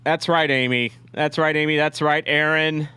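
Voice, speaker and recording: A young man hosting a fan watch-along, reacting live to a match in a rambling, excitable way. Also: a little high, normal speed, smooth, no room sound. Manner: excitable, rambling, shouts at big plays.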